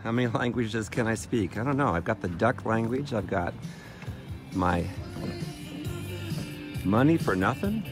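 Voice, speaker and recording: A man giving a casual walking tour by a lake in a playful, chatty way, pausing often with "uh". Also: on the low side, music in the background. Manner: playful, chatty, with frequent "uh" pauses. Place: outdoors by a lake. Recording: outdoor background noise.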